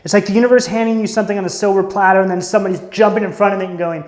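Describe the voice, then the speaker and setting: This tarot reader is a man whose high, steady voice comes out rapid-fire. Doing an intuitive reading, he muses and gropes for meaning, frequently interrupting himself mid-sentence, all heard through a roomy echo.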